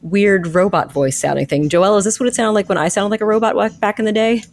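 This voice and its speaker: A woman co-hosting a podcast, chatting casually and cheering the others on with quick gasps and little replies. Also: mid-range voice. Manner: encouraging, quick gasps and back-channel. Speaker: podcast co-host. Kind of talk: casual chat about a video game.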